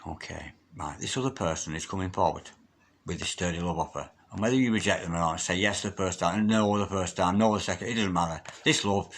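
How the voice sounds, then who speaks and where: A man's voice: deep voice, fast. A man giving a solo tarot reading, effusive and emotional, often repeating chanted invocations. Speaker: tarot reader.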